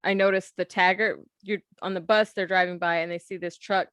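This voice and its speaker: A woman's voice: on the low side, steady tone, fairly quick, a bit bright, clear, resonant tone, dry recording. A woman co-hosting a podcast, chatting casually and laughing often. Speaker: podcast co-host.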